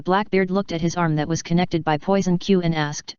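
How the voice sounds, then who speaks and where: A woman narrating a fanfiction audiobook in a steady, even read-aloud manner. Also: on the low side, fairly quick, clear, resonant tone, no room sound, dull audio.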